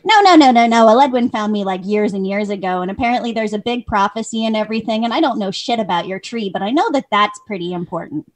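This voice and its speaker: A woman's voice: mid-range voice, quick pace, hardly any pauses. A woman playing a tabletop role-playing game from home, speaking in character in a blunt, pushy way. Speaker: player.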